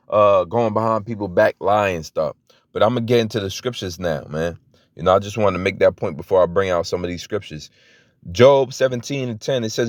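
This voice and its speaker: A man's voice: fairly low pitch, a little mellow, no room sound. A young man giving a loose, conversational teaching talk as a preacher, full of restarts and fillers. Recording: dry, dull lo-fi audio.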